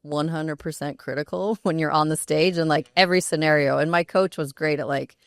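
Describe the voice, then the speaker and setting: Chatty woman telling stories, crisp and dry. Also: low voice, fairly quick, no room sound. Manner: chatty, animated, frequent "like" fillers and laughs. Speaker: podcast guest. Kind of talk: casual conversational storytelling.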